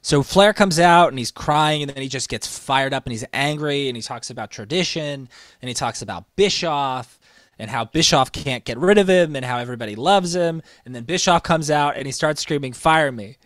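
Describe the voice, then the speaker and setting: A man's voice: medium pitch, fairly quick, fairly bright tone, no room sound. A man co-hosting a casual wrestling chat, telling stories with enthusiasm as he counts down a list. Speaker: wrestling podcast co-host.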